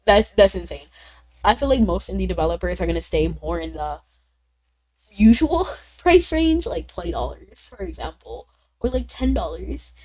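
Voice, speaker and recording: A woman's voice: medium pitch, animated, normal speed, dark tone. Chatty woman streamer, sick voice. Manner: chatty, rambling, frequent "like" and small laughs. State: sick, voice a little changed. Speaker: livestreamer. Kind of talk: casual stream chat reading viewer comments.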